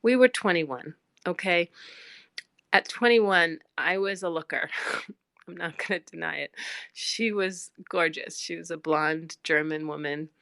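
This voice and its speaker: A woman's voice: fairly low pitch, a little slow, creaky, fairly bright tone, no room sound, studio quality. A middle-aged woman telling a rambling personal story on a phone livestream, full of fillers and acted-out quotes. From United States. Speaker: livestream host.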